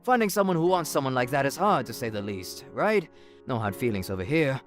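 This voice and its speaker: An evasive cheating husband stammers through his excuses, as an actor plays him. His pitch moves widely between hesitant phrases. Soft music hums in the background. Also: expressive, a little fast, close to an everyday voice. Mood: pleading.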